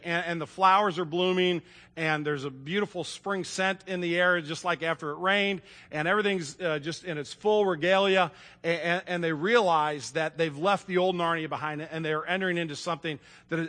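A man preaching a sermon and reading a story aloud, in a folksy, animated way with frequent fillers. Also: a little high. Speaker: pastor. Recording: long reverb in a large room.

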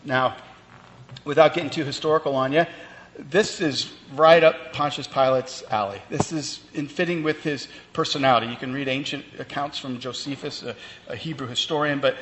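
A pastor with a medium-pitched, slightly bright voice preaches a sermon conversationally, using fillers and restarts as he explains the text. The recording carries long reverb and faint ambient noise.

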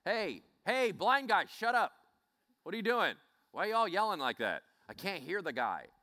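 A man's voice: medium pitch, huge pitch swings, normal speed, creaky, sharp tone, heavily acted. A man voicing a rude, impatient man in a crowd who scolds others. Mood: scolding. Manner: scolding, dismissive.

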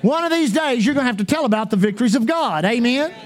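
Fervent high-voiced male pastor preaching. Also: lively intonation, fast talker. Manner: fervent, repetitive preaching, bursts of shouting. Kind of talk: sermon.

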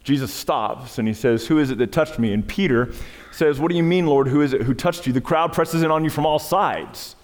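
A man's voice: a little high, brisk. Man preaching in a reverberant hall. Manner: preaching with rising emphatic peaks and hushed storytelling. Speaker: pastor. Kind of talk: sermon. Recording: long reverb of a large hall.

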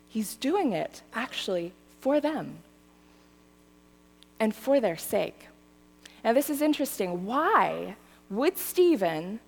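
A woman pastor whose voice is on the high side preaches in a big, reverberant room. Her sermon is animated and conversational, and she regularly checks in with listeners with "right?" and "okay?"

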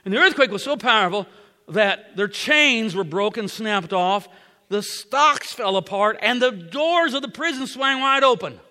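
A man's voice: high voice, expressive, a little slow, sharp tone, in a large hall. A man preaching a sermon. He tells a story dramatically, repeating phrases and dropping to whispers.

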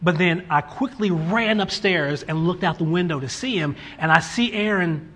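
A man in his forties, a father casually telling a story about raising his sons, animated and acting out his kids' voices. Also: high-pitched, normal speed. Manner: animated, acts out his children's voices in quotes.

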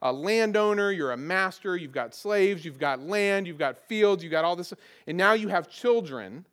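A man's voice: high-pitched, animated, moderate pace, a bit bright. A middle-aged man with a Southern American accent, preaching a conversational sermon and often repeating words as he restarts a phrase. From Southern United States. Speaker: pastor.

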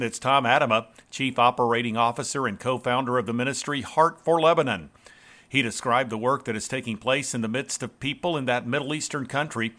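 A man hosting a religious radio program, introducing guests and asking interview questions in a measured broadcaster's delivery. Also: medium pitch, sharp tone. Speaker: radio host.

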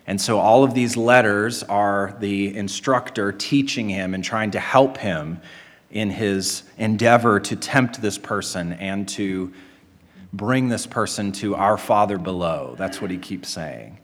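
A man's voice: fairly low pitch, unhurried. A man preaching a sermon in an earnest, emphatic way, asking rhetorical questions and answering them. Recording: long hall reverb.

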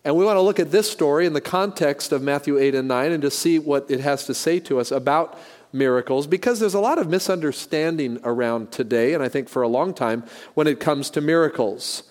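Pastor preaching in a reverberant hall. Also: male voice, a little high, brisk, darkish tone. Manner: folksy, joking storytelling with frequent restarts. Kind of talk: sermon.

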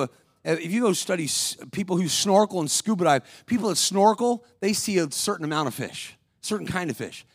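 A male preacher with a high, bright voice delivers a lively sermon, calling out to the congregation and slipping into voices as he tells stories. The sound is dry and close, with no room echo. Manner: energetic, calls out to the congregation, acts out voices in stories. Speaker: guest preacher. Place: church.

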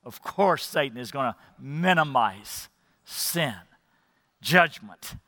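A man's voice: medium pitch, expressive, slow, bright, forceful tone, no room sound, long reverb tail. A male pastor preaching a sermon emphatically, appealing directly to the congregation.

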